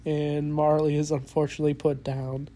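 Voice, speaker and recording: Casual movie review, earnest emotional reviewer, halting speech, narrow even pitch, mid-height voice. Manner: halting, with many restarts and fillers.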